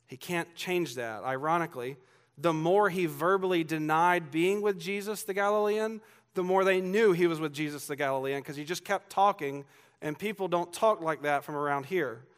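An earnest man preaching a verse-by-verse sermon, his voice pitched a little high for a man. A faint Southern accent from Georgia still colors his words. He presses hard on repeated lines and breaks off for asides to the congregation. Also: normal speed, clean tone. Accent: Southern US, faded. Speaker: pastor. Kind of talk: expository sermon.

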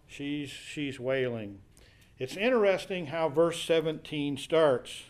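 Man, Bible study teacher, relaxed explaining, slightly higher pitch. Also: slow pace. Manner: thinking aloud with fillers and restarts, paraphrasing scripture.

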